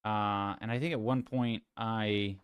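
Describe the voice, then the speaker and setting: A man ranting casually on a livestream, animated and mocking, swearing freely. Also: on the low side, measured pace, smooth, no room sound. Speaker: streamer.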